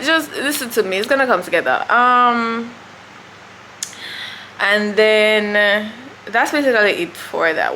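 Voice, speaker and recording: A woman's voice: mid-range voice, sharp tone, a little hiss or hum. A young woman with a Jamaican accent, chatting casually to camera as a vlogger and thinking aloud about her plans. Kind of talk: casual vlog chat.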